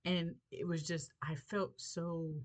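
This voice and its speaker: A middle-aged woman hosting a faith podcast, telling a personal story in an expressive, animated way with light laughs. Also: fairly low pitch, slow pace, rough recording. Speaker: podcast host.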